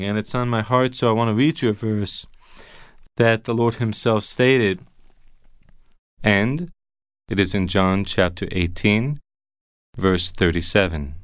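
Man, radio Bible teacher, smooth resonant voice, dry close sound, emphatic slow stresses. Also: fairly low pitch, dry recording. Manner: emphatic, drawn-out stresses on key words; patient step-by-step explaining.

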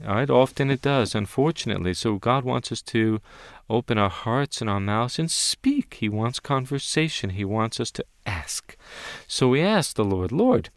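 A man's voice: medium pitch, animated, moderate pace, no echo, clean studio sound. A man leading an interactive Bible teaching, emphatic and questioning his listeners as he stresses key words.

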